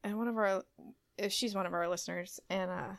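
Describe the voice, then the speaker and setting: A woman co-hosting a podcast over a video call, chatting in an animated, exasperated way. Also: medium pitch, a little fast, gravelly. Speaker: podcast co-host. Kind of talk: casual chat.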